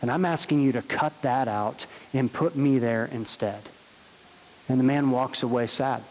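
A man's voice: medium pitch, normal speed, slight background noise. Man preaching in a reverberant hall. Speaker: pastor. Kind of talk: sermon.

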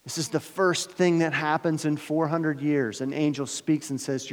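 Guy preaching a sermon, goes loud then real hushed, big church hall reverb. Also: on the high side, fairly even intonation, moderate pace. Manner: dramatic, swings between loud emphasis and hushed asides. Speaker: pastor.

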